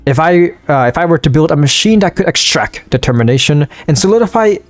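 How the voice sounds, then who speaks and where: A man's voice: a little high, animated, fairly quick, lightly acted. A man reading the lines of an eccentric, self-absorbed male inventor in a fantasy game.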